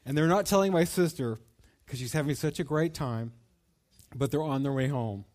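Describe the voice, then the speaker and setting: A middle-aged man telling a personal story at a bible study, folksy and animated, with many fillers. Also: a little high, moderate pace.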